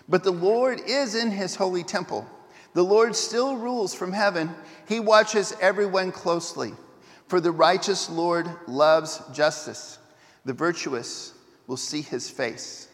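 A pastor with a notably high voice, preaching in a lively storytelling manner. He trips over and restarts his phrases, and a long reverb from a large church hall trails after his words. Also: measured pace. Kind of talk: sermon.

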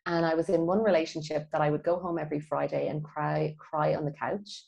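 A woman guest on a podcast, telling her life story in a lively, animated way and acting out the dialogue she quotes. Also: sits low, fairly quick, creaky. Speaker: guest, feng shui expert. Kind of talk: casual podcast interview.

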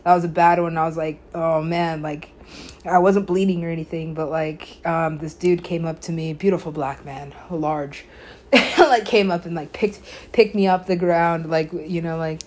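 A woman with a slightly low voice talks through a story on her own podcast. She rambles, leans hard on filler words, swears freely and laughs often as she goes. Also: fairly even intonation, normal speed, a little mellow. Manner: laughs often while telling. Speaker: podcast host. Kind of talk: casual storytelling monologue.

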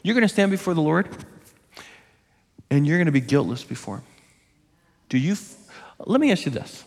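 Male pastor, raspy edge, earnest emphatic preaching, church hall reverb. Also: fairly high pitch, big pitch swings. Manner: earnest, emphatic, drawn-out pauses for weight. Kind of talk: sermon.

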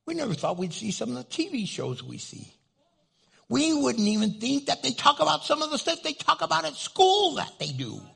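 Gravelly older man preaching with humor. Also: very high-pitched, wildly swooping pitch, moderate pace, bright, forceful tone. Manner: humorous, playful storytelling preaching. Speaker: pastor. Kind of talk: sermon.

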